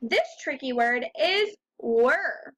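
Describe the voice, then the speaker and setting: A woman leads a reading lesson for young children in a high, bright voice. She speaks slowly and patiently, breaking words into single sounds and having the class repeat after her. Her tone stays encouraging throughout. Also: expressive. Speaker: teacher.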